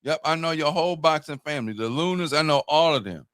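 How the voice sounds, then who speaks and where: A man's voice: a little high, lively intonation, fast, a bit bright, clean tone, dry recording, studio quality. A man in his fifties telling candid stories in casual talk as a show host. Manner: storytelling, candid and profane. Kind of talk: casual chat.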